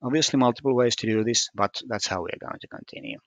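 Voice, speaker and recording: A man's voice: medium pitch, fast talker, a bit bright, no room sound. A man walking through a puzzle solution step by step, hesitant and methodical, with frequent fillers. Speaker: puzzle solver explaining solutions. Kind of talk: screen-recorded puzzle walkthrough.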